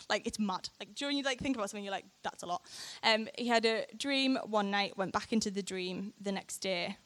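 A young adult woman, telling a personal testimony to a church audience in an animated way, often laughing. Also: medium pitch. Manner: animated storytelling, frequent laughter, acts out quoted lines. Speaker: speaker sharing a testimony.

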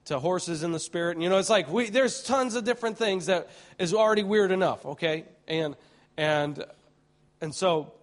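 At a moderate pace and in a high voice, a male preacher excitedly narrates a vivid vision during a sermon. He restarts often and swings from quiet to shouting.

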